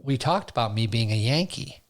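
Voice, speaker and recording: A man's voice: mid-range voice, expressive, moderate pace. A middle-aged man hosting a casual interview, telling rambling stories in a chatty way. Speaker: podcast host.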